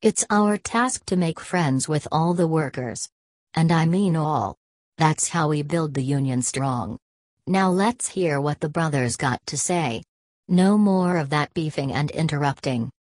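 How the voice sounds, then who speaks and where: A woman's voice: low voice, measured pace, a little mellow, dry recording, clean studio sound. A woman reading the lines of an earnest union chairman who talks through his nose and presses for order. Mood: insistent. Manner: nasal, pleading for order.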